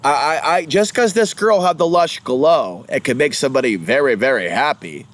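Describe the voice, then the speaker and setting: A man's voice: mid-range voice, lively intonation, moderate pace. A man rambling through a casual vlog monologue, jumping between topics with mocking sing-song asides. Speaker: vlogger.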